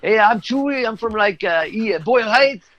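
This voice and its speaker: A man putting on the voice of a friendly young male soccer fan who talks in excited bro slang. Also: high voice, normal speed, dry recording, muffled recording, voice pushed up.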